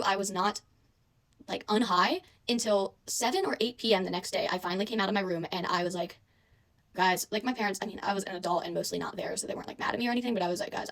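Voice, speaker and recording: A young adult woman telling a casual, chatty storytime monologue, animated and full of "like" and "I swear". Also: mid-range voice.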